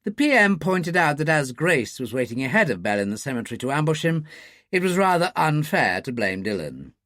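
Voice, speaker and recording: Urbane male insider, read by a narrator, gossipy briefing manner, higher and lively. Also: fairly quick, no room sound, clean studio sound. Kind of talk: audiobook character reading.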